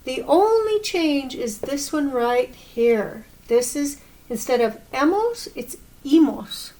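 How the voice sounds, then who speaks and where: A woman teaching a grammar lesson, explaining slowly and patiently and correcting herself as she goes. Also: high voice, sing-song, darkish tone. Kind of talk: recorded classroom lesson.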